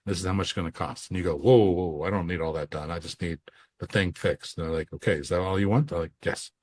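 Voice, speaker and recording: Speaking fast in a low voice with a breathy edge, a man co-hosts a laid-back accounting podcast. He's an accounting coach and an animated storyteller who performs the client calls he describes.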